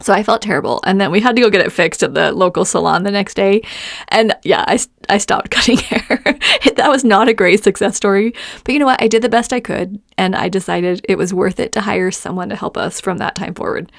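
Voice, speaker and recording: A woman's voice: mid-range voice, brisk, gravelly, no room sound, studio quality. A middle-aged woman hosting a podcast, telling personal stories in a chatty way and laughing often. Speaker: podcast host. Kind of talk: personal storytelling monologue.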